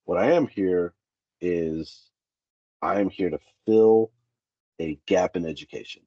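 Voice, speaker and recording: A man with a very low, husky voice talks through job-site stories and acts out what people said. The sound is dry and a little muffled. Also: unhurried, no echo. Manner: animated, acts out quoted dialogue. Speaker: safety specialist guest. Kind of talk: candid interview storytelling.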